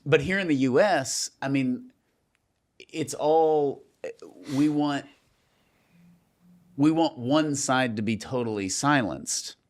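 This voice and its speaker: A man hosting a podcast, telling stories in a casual, animated way and laughing often. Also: mid-range voice, takes it slowly, pauses often. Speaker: podcast host. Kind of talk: casual conversation.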